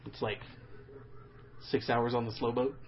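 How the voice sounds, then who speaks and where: A man's voice: mid-range voice, little pitch movement, measured pace, muffled recording, a little hiss or hum. A man co-hosting a podcast in casual banter, wry and sarcastic, with some swearing. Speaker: podcast co-host. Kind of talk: casual chat.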